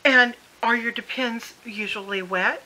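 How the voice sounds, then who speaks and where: A hesitant young receptionist works through a checklist, as a woman acts her out. She sounds halting and slow, stalling with fillers in a bright voice. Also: a little high, low-quality recording.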